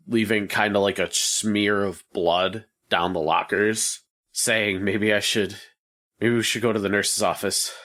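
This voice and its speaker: A man talks through scenes during his turn in a tabletop game, quick and loose in his phrasing. His voice sits a little low. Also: sharp tone. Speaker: player. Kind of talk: describing comic panels in a tabletop game.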